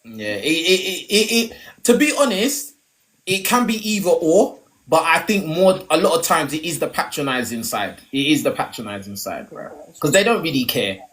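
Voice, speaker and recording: A man's voice: fairly high pitch, sing-song, normal speed, a bit bright. A man hosting a live online debate, talking in slang and often repeating words. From Nigerian heritage, raised in London. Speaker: debate host.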